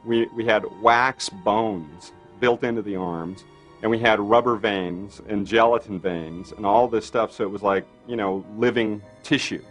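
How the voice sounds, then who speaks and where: Animated man telling a behind-the-scenes story. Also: lowish voice, measured pace, soft background music. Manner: animated storyteller, acts out others' lines, many fillers. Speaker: special makeup effects artist. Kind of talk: interview anecdote.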